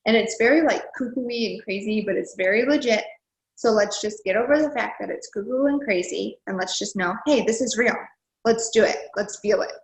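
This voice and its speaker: A woman talking casually and with animation to her team on a video call, motivating them with lots of "like" and "you guys". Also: on the high side. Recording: roomy echo.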